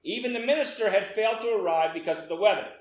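High-voiced man preaching in an echoey room. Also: fast. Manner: lively, quoting with emphatic repetition. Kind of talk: sermon storytelling.

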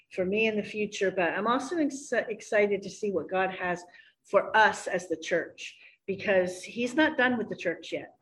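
A woman's voice: mid-range voice, a bit bright, rough recording. A middle-aged woman giving a church talk, telling a personal story in an earnest, storytelling way with fillers. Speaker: guest speaker.

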